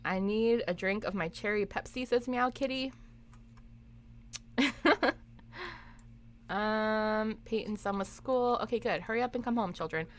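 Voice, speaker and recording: A woman's voice: medium pitch, a little slow, pauses often, slight background noise. Giggly young woman streaming a game. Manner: chatty and giggly, reacting to chat. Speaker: game streamer reading live chat. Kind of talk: live gameplay commentary.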